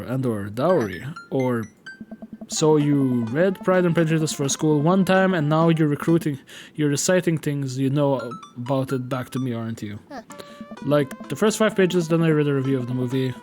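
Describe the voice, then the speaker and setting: A man's voice: fairly high pitch, moderate pace, a little mellow, faint music behind. A young man streaming a game, chatting casually and reading its text aloud, swearing now and then. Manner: casual, swears, reads in a rush.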